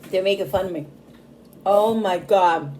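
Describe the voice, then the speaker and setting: A woman's voice: mid-range voice, measured pace, a little mellow, slight background noise, poor audio. A woman in her fifties hosting a casual home cooking vlog from her kitchen, chatty and bubbly, laughing often. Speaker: cooking channel host.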